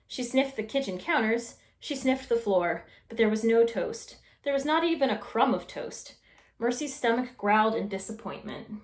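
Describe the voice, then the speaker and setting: A woman reading a children's storybook aloud with expressive, animated storytelling. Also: fairly high pitch, normal speed. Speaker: storytime reader. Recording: echoey room.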